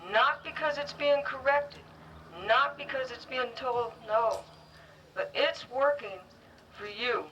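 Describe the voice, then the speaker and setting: Woman, heartfelt graduation speech, earnest, short halting phrases, bright tone, distant faintly noisy recording. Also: sits high, muffled recording. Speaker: guide dog school graduate giving a speech.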